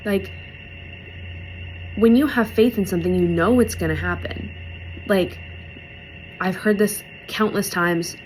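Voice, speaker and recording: A woman's voice: medium pitch, unhurried, pauses often, soft background music, low-quality recording. A young woman giving a casual, heartfelt devotional talk, emotional and close to tears, chatting with many "like"s. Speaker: speaker in a church devotional video series.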